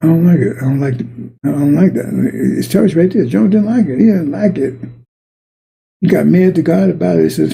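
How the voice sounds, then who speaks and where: Male preacher, gravelly and dark, colloquial sermon style. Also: a little high, a little fast, poor audio. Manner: colloquial, repetitive preaching with acted-out dialogue.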